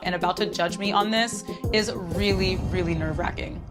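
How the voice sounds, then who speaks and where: A woman's voice: lowish voice, normal speed. A young woman competing on a makeup show, earnestly explaining her ideas step by step. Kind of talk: reality TV confessional and talk. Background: background music.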